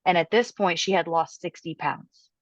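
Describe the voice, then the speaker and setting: A woman personal trainer, a guest on a podcast, telling a client's story with animated quoting. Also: fairly low pitch, normal speed, no room sound, lo-fi sound. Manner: animated, quotes her client's words aloud.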